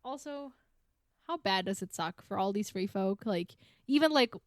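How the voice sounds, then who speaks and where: A woman's voice: medium pitch, lively intonation, moderate pace, no echo, studio quality. Chatty woman recapping a book. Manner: chatty, paraphrases scenes with filler "like". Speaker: podcast co-host recapping a book. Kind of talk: casual book recap chat.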